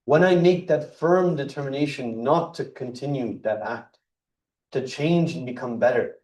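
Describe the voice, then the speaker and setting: An earnest man gives a religious talk in a mosque hall, and his voice sounds dark and mellow. He explains things word by word and presses each point with emphasis. The sound is echoey and picked up from a distance. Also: medium pitch, moderate pace. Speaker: speaker at a mosque gathering.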